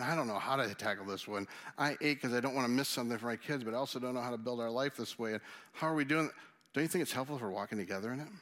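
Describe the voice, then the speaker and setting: A male pastor, giving a conversational, animated sermon and then leading a prayer. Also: medium pitch. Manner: animated, conversational preaching with acted asides.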